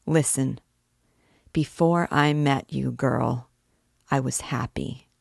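A woman's voice: a bass voice, steady tone, slow, gravelly, darkish tone, slightly rough, no echo, studio quality, heavily acted. A woman reading aloud voices a tormented male priest making a brooding, intense confession. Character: tormented middle-aged male priest, obsessive.

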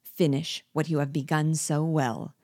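A woman's voice: low-pitched, level tone, measured pace, mellow, no room sound, clean studio sound. A woman reading as a defiant captive officer. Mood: indignant. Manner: defiant, indignant outbursts. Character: indignant captive young male officer.

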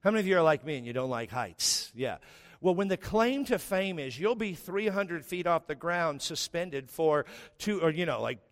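A male pastor preaching with animated, joking storytelling and a fairly high-set voice. He mixes comic asides with emphatic, building runs of phrases as he moves into the scripture. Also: normal speed. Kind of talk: sermon with humorous storytelling.

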